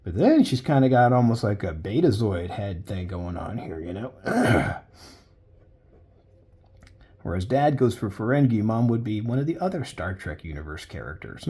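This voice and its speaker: Male artist, loose, jokey running talk while drawing; husky voice that swings up and down. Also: on the low side, huge pitch swings, normal speed, dark tone. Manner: rambling, jokey storytelling. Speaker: artist sketching live. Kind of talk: casual commentary while drawing.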